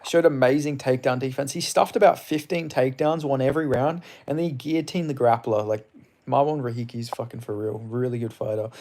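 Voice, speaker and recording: A man's voice: mid-range voice, fairly quick, a little mellow, a little hiss or hum. A young Australian man with a slightly English-tinged accent, chatting loosely on a fight-sports livestream, rambling and swearing casually. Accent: Australian, somewhat mixed with English. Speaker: MMA livestream host. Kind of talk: casual livestream chat answering viewers.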